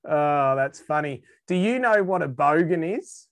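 This is a relaxed Australian man who talks slowly and unhurriedly, his voice sitting a little high for a man. He chats casually as a podcast guest, laughs easily and often trails off to restart his sentences. The recording is dry and close, with no room sound around him. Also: no room sound. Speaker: guest musician.

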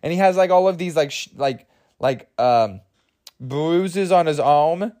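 A young man tells a long, rambling comic story and keeps filling the gaps with "like" and "you know." He sounds overtired, and his voice sits a little higher than most men's. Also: a little slow, darkish tone. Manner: rambling, lots of fillers, giggly asides. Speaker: podcast host. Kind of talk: rambling comedy monologue.

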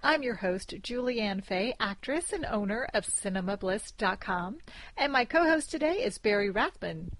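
A woman's voice: medium pitch, lively intonation, normal speed, fairly bright tone, slight background noise. A woman hosting a casual movie podcast, chatty and laughing often as she recaps scenes. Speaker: podcast host.

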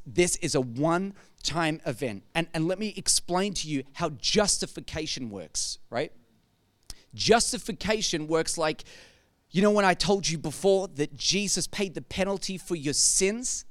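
A man preaching a lively sermon, animated and joking, repeating words for effect. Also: high-pitched, no room sound, clean studio sound.

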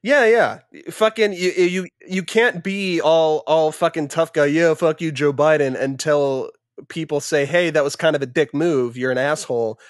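A man co-hosting a casual podcast chat, agreeing loudly and riffing with heavy swearing. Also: on the high side, normal speed, no room sound, clean studio sound. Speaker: podcast co-host.

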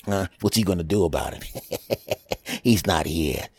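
A very deep, gruff male impressionist played by a man in a comedy podcast sketch, surly and dismissive. He grumbles insults with no interest in pleasing anyone. The recording is close and dry. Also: expressive, a little slow, darkish tone, no room sound, heavily acted.

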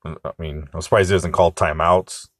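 Male sports podcast host, deep voice, opinionated rambler, dry close-mic sound. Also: steady tone, normal speed, a bit bright, no echo. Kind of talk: casual solo sports talk.

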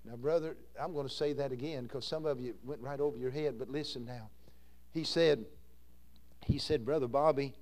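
A man preaching a sermon as an evangelist, telling stories and swinging from hushed, slow lines to loud, drawn-out shouts. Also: mid-range voice.

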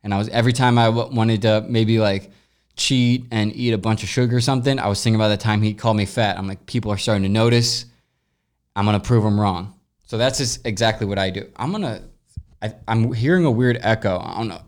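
Speaking fast in a lowish voice, this young man from the United States runs his own casual podcast at home, tackling listener questions with rambling, blunt, profanity-laced advice. The home room echoes despite the sound pads set up, and since a camera does the recording, he occasionally moves away from the mic.

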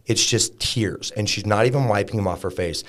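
Low-voiced man, frank and casual. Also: fairly quick, a bit bright. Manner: casual and frank, swears, fills with "like". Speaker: podcast guest. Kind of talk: candid personal storytelling in an interview.

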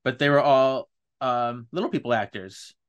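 A man's voice: medium pitch, normal speed, clean tone. A man hosting an interview, chatting casually and laughing often. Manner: friendly, laughs often, asks leading questions. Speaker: interviewer host.

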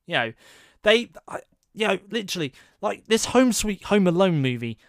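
A man's voice: sits high, very animated, normal speed, dry recording, clean studio sound. A British man hosting a casual solo podcast, talking in a rambling, conversational way with many fillers as he sits at his computer. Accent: British English. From Britain. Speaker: podcast host. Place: at home at his computer with his dog.

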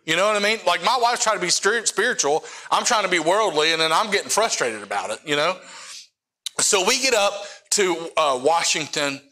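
Bright-voiced man telling a sermon story. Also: high voice, animated, normal speed. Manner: casual storytelling with frequent asides to the audience. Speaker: missionary preacher. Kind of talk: sermon testimony.

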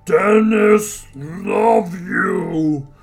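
A man's voice: high voice, gravelly, faint music behind, exaggerated voice. Dennis, a man doing a childlike brute monster. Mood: lumbering. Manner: slow, broken baby-talk. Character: hulking lab-made male monster, childlike and sad.

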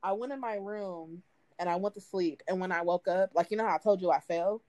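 A woman's voice: fairly quick, no room sound. Young woman telling a wild story, dry close mic. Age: 20s. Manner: animated, laughing, acts out quotes in a higher voice. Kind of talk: casual storytelling chat.

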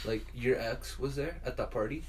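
Young guy, mid pitch, rowdy storyteller who swears a lot, faint noise behind. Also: normal speed. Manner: rowdy storytelling, loud acted-out quotes, lots of swearing. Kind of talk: casual chat.

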